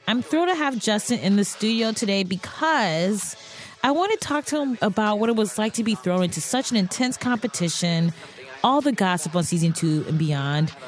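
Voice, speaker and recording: Woman, podcast host, casual interview chat, bubbly, animated pitch. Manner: bubbly, laughs often.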